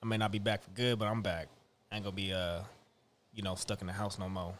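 A man's voice: fairly low pitch, steady tone, fast, a bit bright, a little hiss or hum. A young man as a podcast guest, easygoing and slangy, laughing often. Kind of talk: casual podcast chat.

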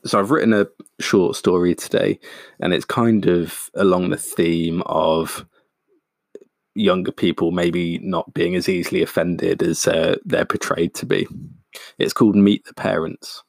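A man, a podcast host, reading his own short story in a calm, steady way. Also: low-pitched, a little slow, creaky, dry recording, clean studio sound.

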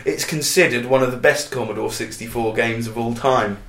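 A man co-hosting a casual chat about pop charts, jokey and quick to laugh. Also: medium pitch, fairly even intonation, fairly bright tone, roomy sound. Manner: jokey, laughs often, puts on silly voices. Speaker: podcast co-host.

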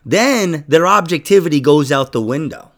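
A man's voice: fairly high pitch, expressive, moderate pace, a bit bright. A young adult man hosting a podcast in casual chat, rambling and swearing, trailing off and laughing often. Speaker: podcast host.

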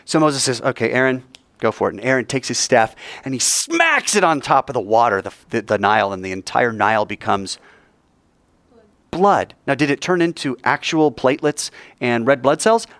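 Lively, playful male teacher. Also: mid-range voice, moderate pace, dry recording. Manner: lively, playful, joking with students. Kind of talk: classroom Bible lesson.

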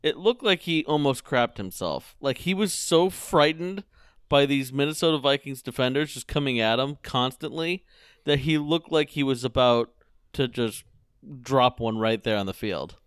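A young man hosting a casual sports chat podcast, animated and jokey as he tells stories. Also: mid-range voice, normal speed, clean tone, no room sound, studio quality. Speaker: podcast host. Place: home room with TV on behind.

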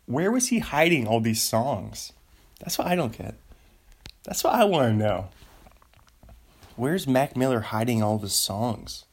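A man hosting a solo podcast, rambling and excitable, joking around as he talks from his home studio. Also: mid-range voice. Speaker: podcast host.

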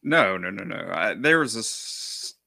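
Gravelly, bright-toned laid-back man. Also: lowish voice, big pitch swings, dry recording. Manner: laid-back, brief replies, slow when telling a story. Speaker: podcast co-host. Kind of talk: casual chat.

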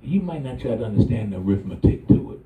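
A man's voice: medium pitch, animated, quick pace, phone-quality sound. A middle-aged man preaching a sermon as pastor, folksy and humorous, inviting call and response. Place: church sanctuary. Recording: echoey church, distant mic, faint noise.

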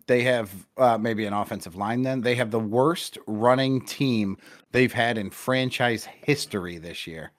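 A young man co-hosting a casual sports podcast, rambling and swearing as he gets excited. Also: medium pitch, measured pace. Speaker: podcast co-host. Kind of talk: casual chat.

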